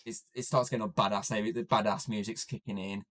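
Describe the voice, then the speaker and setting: Low-voiced rambling podcast host man. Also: steady tone, brisk, fairly bright tone. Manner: rambling, heavy use of "obviously" and "like". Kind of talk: casual movie recap chat.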